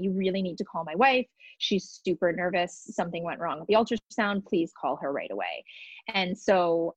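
A woman in her thirties, a podcast guest, telling a personal story in an emotional, halting way with many fillers and restarts. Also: fairly low pitch, no echo, highs cut off.

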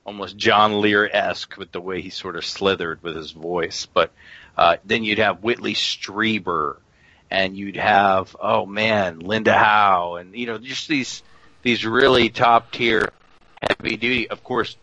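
Male podcast host, low-pitched, bright forceful tone, dull lo-fi audio. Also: fairly even intonation, a little slow, dry recording. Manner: reminiscing, loose and chatty. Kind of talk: casual podcast chat.

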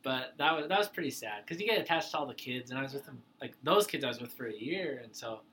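A young adult man co-hosting a podcast, telling stories in relaxed casual chat with lots of fillers. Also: medium pitch, fast, slight background noise. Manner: relaxed storytelling with many fillers. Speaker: podcast co-host.

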